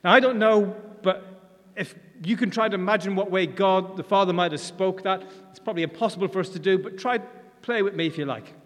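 A man's voice: sits high, fairly quick, a bit bright. A man giving a sermon as a visiting preacher, earnest and conversational, with frequent fillers and restarts, recorded in a church. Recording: long reverb of a large church hall.

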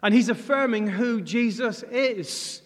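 A man's voice: very high-pitched, a little slow. A man giving a sermon as a visiting preacher, earnest and conversational, with frequent fillers and restarts, recorded in a church. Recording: long reverb of a large church hall.

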